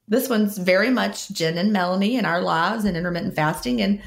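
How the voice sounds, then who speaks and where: A woman's voice: medium pitch, fairly quick, creaky. A woman co-hosting a podcast, talking in earnest, reassuring casual chat. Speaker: podcast co-host.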